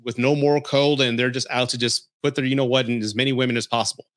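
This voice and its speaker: A man's voice: medium pitch, flat delivery, fast, fairly bright tone. A man hosting a podcast, telling frank personal stories in a blunt, profane, casual way. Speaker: podcast host.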